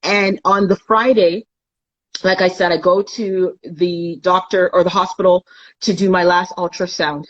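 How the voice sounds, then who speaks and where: A woman's voice: lowish voice, steady tone, a little slow, dull audio. A young adult woman from Canada, a guest in a live chat, telling a painful personal story candidly and acting out the voices of the people in it.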